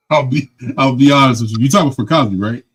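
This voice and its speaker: A man's voice: mid-range voice, moderate pace, husky, low-quality recording. A man co-hosting a live sports talk stream, chatting animatedly and laughing often. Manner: animated, laughs a lot, says "you know what I'm saying". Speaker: podcast co-host. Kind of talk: casual chat.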